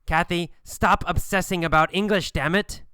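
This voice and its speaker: Scolding friend, blunt and loud , a teacher putting him on, bright voice. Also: male voice, sits high, fairly even intonation, normal speed, clear, resonant tone, no room sound, clean studio sound, pitched above the performer's own voice. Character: relaxed man scolding his anxious friend.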